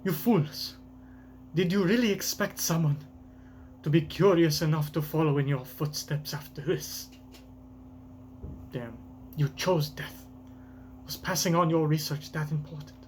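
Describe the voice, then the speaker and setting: A man voicing a grieving old male genius scientist, reading slowly with a put-on accent. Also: a little high, a little mellow, slight background noise, natural voice. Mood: bitter, grave.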